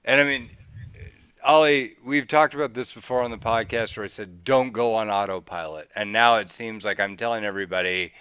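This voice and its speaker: A man hosting a casual gaming podcast, explaining things in an animated way and acting out his own thoughts in quick little voices. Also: medium pitch, clear, resonant tone, no room sound. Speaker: podcast host.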